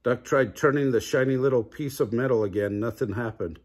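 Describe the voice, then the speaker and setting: An older man, a grandfather, reading a children's picture book aloud with expression, slowing down for a character's quoted words. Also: mid-range voice. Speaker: storybook reader.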